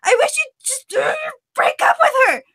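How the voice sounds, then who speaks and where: For a voice acting audition, a woman with a very high, very animated voice plays a distraught, heartbroken teenage boy, sobbing, stammering, and shouting in tearful anguish. She speaks at normal speed in a heavily acted performance. The recording is dry but the audio quality is poor.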